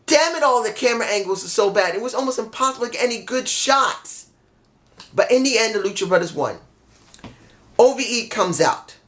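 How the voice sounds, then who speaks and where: A man's voice: sits high, animated, fairly quick, a bit bright. A man giving a casual, off-the-cuff wrestling review, rambling and breaking into exasperated asides.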